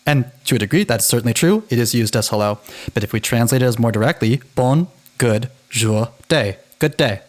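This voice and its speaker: A man's voice: mid-range voice, expressive, brisk. A man co-hosting a linguistics podcast, chatting animatedly with frequent restarts. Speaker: podcast co-host. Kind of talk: casual educational chat.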